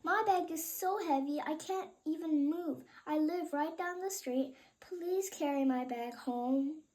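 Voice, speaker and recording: A woman's voice: sits high, a little slow, a little mellow. Woman voicing a cheeky little boy. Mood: mischievous. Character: mischievous young boy on Halloween.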